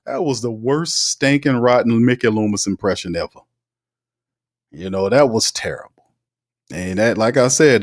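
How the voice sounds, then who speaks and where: A man hosting a casual live sports talk show, reading out viewer comments in an animated, slangy way and laughing often. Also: lowish voice.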